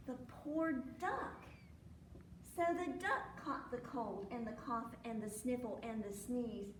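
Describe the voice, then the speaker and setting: A woman reads a picture book to children, lively and full of acted sneezes and animal noises. Her voice is high and her pace slow and deliberate. The mic sits some way off in an echoey library room, with a faint hum behind her. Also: recorded from a distance. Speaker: librarian reading at storytime. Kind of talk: children's storytime read-aloud.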